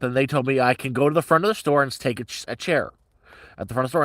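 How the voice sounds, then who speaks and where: Middle-aged guy ranting on his stream, cusses a lot, average pitch. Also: very fast, a bit bright, no room sound. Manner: blunt, heavily profane, agitated ranting. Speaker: livestreamer. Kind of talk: casual livestream storytelling.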